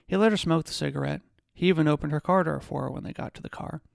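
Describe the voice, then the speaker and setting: A podcast host reads a passage from a novel in a measured way, now and then stumbling and restarting a word. His voice is gravelly with heavy fry and sits a little high. The recording is dry and close. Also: no room sound. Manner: measured reading with occasional restarts. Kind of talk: reading a novel excerpt aloud.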